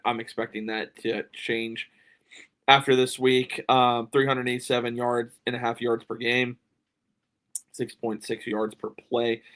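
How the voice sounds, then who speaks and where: Male podcast host, solo, middle pitch, casual and opinionated, a little sleepy, lots of ums. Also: fairly bright tone. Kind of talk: solo sports preview talk.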